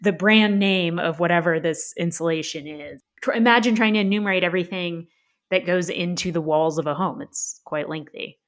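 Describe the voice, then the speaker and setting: A woman's voice: on the low side, normal speed. A woman co-hosting a book club podcast, talking in a thoughtful, musing way. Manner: thoughtful, musing, frequent you know and right. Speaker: podcast co-host. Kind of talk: casual book club discussion.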